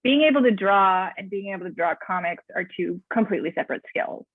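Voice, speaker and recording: A woman, a guest on an interview show, talking casually in a measured, slightly hesitant way. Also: medium pitch, lively intonation, husky, dry recording. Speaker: comic artist guest. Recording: tinny dry phone-like line.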